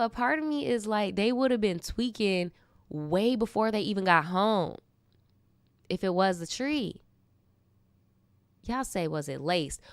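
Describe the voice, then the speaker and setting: A woman's voice: fairly low pitch, smooth, no room sound. A young adult woman hosting a casual storytime, reacting with slangy, candid commentary and laughing asides. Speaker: storytime host.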